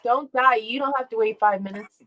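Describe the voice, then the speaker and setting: A woman's voice: a little high, a little fast, fairly bright tone, highs cut off. A woman chatting casually and teasing the men beside her. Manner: teasing, laughing often. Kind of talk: casual chat.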